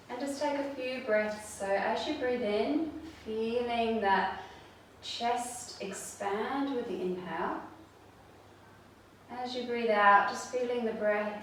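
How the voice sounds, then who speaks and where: A woman yoga instructor calmly guiding a seated chair yoga routine, cueing breath and movement step by step. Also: mid-range voice, a little hiss or hum. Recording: very echoey room, mic far off.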